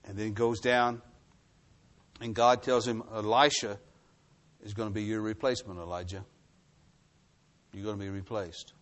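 A man preaching a sermon, reading scripture aloud and then explaining it, swinging between forceful bursts and low hushed phrases. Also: flat delivery, moderate pace, pauses often. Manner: reads scripture then preaches with rising and falling intensity; drops to a low hushed voice for emphasis. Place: New Mexico.

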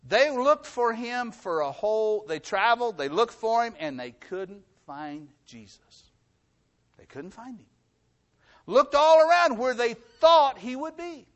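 A middle-aged man preaching a sermon as the pastor, building his points by repetition and swinging between loud emphasis and hushed, quiet passages. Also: extremely high pitch.

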